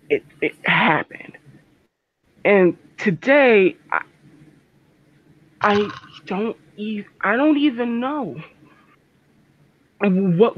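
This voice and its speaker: A man's voice: high voice, husky, full character voice. A man voicing a distraught, furious young werewolf medic who swears a lot and stammers. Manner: profane, stammering, swings between loud and muttered. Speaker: tabletop game player. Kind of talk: in-character role-play. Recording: dull dry lo-fi recording.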